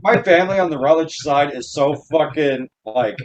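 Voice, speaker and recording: A man's voice: fairly high pitch, normal speed, highs cut off. A young man from the Ozarks, a podcast co-host, chatting in a laid-back, rambling way with casual swearing. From Ozarks, United States. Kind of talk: casual chat.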